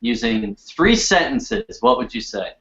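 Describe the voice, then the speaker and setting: A man's voice: high voice, sing-song, unhurried, vocal fry, fairly bright tone, lo-fi sound. A man hosting a casual livestream, upbeat, asking guests rambling questions. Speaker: host.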